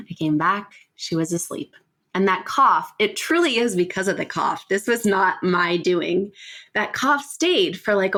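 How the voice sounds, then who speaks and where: A woman's voice: lowish voice, a bit bright. A woman in her thirties, hosting a podcast and telling a personal story in a casual, chatty way, with frequent self-corrections. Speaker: podcast host.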